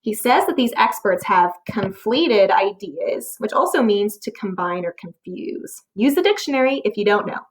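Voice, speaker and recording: A woman teacher reading a scripted lesson, explaining clearly and posing rhetorical questions. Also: medium pitch, expressive, moderate pace, hardly any pauses. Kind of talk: scripted narration for a test-prep lesson.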